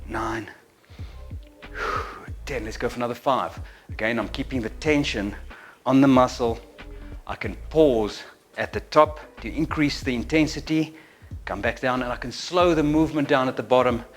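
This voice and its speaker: A middle-aged man leads a home workout, counting reps and talking through each movement with audible breaths between counts. His voice sits at an ordinary middle pitch, slightly winded as he works. Faint music plays underneath. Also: normal speed. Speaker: fitness instructor. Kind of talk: exercise demonstration with counting.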